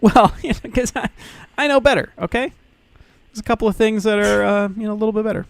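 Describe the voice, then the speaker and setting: A young man on a podcast who gets excited, swears freely and keeps restarting his sentences. His voice sits a bit high for a man and sounds dry and close to the mic. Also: quick pace, gravelly, clear, resonant tone, no echo. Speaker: podcast co-host. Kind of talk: casual podcast chat.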